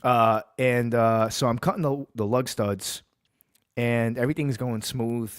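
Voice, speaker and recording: A man's voice: medium pitch, steady tone, unhurried, smooth, no room sound, clean studio sound. A man hosting a casual sports talk show, ranting heatedly and then telling a long story in a laid-back way. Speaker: podcast host.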